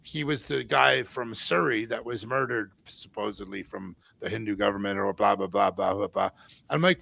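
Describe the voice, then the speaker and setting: Gravelly, rambling man telling stories. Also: fairly low pitch, moderate pace, no echo. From Canada. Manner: rambling, animated storytelling with quoted voices. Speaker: podcast host. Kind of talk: casual chat.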